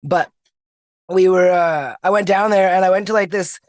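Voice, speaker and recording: A young Canadian man appears as a podcast guest, telling stories in a casual, animated way, laughing often and restarting sentences midway. His voice is high-pitched, his pace moderate, and there's no echo.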